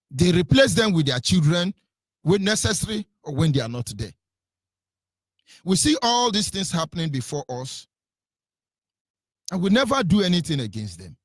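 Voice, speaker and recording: A man's voice: high-pitched, slightly rough, dry recording, studio quality. A man with a Nigerian accent giving impassioned, mocking political commentary on the radio. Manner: fiery, mocking, mimics voices.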